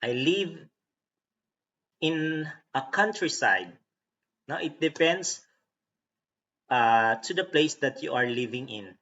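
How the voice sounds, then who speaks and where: A man's voice: on the high side, expressive, slow, long pauses, sharp tone, recorded from a distance. A man teaching an English lesson, patiently modeling word stress and checking in with "okay?" and "no?". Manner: patient, repeats words to model stress, tags lines with "okay?" and "no?". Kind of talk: recorded online English lesson. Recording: dull lo-fi sound from away from the mic.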